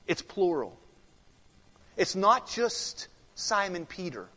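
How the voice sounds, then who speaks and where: Brief: male pastor, high and expressive voice, slow deliberate sermon delivery, alternating bold and hushed, long church reverb. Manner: emphatic, swings from loud declarations to hushed intensity. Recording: long reverb of a large sanctuary.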